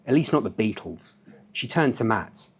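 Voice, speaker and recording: Husky man reading his novel aloud. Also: lowish voice, moderate pace. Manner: relaxed, with offhand asides.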